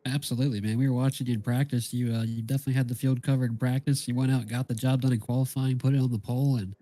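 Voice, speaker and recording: A man asks drivers about their races in a brisk, friendly patter. His voice is mellow and close, with a fast pace. The sound is dry, with no room around it. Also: medium pitch, level tone, no echo. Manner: quick, upbeat, friendly questioning. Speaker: booth commentator interviewing drivers. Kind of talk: post-race interview.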